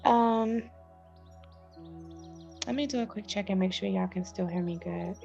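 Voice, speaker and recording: A woman's voice: mid-range voice, a little slow, creaky, warm tone, muffled recording, faint music behind. A middle-aged woman, recording a casual vlog on her phone, reading book passages aloud and then chatting about them. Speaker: vlogger reading and reviewing a self-help book. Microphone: phone with headphones in.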